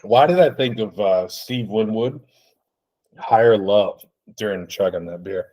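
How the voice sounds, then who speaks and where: A man's voice: lowish voice, measured pace, a little mellow. A man hosting a solo podcast, rambling and joking with plenty of swearing, a bit tipsy from the beers. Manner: rambling, profane, jokey. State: tipsy from drinking beer. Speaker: podcast host. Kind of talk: solo casual podcast rant.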